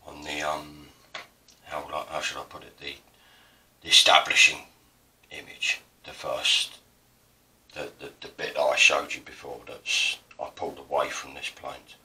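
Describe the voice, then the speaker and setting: With an extremely low, sharp, level voice at a measured pace, this Essex man is caught from a distance as he demonstrates printmaking. His casual tutorial talk wanders into digressions and self-deprecating asides; he's from South East England.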